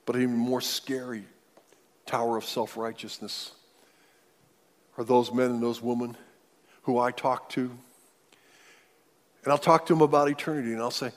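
A man's voice: medium pitch, steady tone, unhurried, long pauses. Preacher man in a reverberant hall. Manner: dynamic preaching, swings from loud declarations to near-whispers. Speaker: pastor. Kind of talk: sermon.

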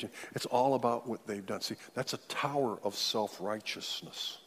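Male pastor, sermon delivery, dynamic swings from booming to whispered, long reverb. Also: normal speed. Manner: dynamic preaching, swings from loud declarations to near-whispers.

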